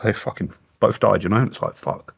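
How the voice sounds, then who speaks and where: A man's voice: lowish voice, moderate pace, creaky, breathy edge. A middle-aged British man, a former soldier, telling war stories bluntly and emotionally in an interview, swearing heavily. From Britain. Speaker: guest, former special forces soldier. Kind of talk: candid interview storytelling.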